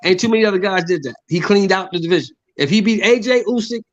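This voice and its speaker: A man with a high voice co-hosts a casual boxing talk stream, pressing his case with slang and repeating himself for emphasis. His audio sounds a little muffled and lo-fi. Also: fast, no room sound. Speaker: co-host. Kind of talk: casual live boxing commentary chat.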